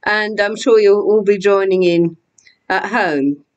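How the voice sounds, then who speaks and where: A woman folk singer chatting briefly before singing a sea song, unhurried and homely. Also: mid-range voice, fairly even intonation, a little mellow, highs cut off. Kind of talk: chatty song intro, then sung sea song. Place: home during online session. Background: her own accordion.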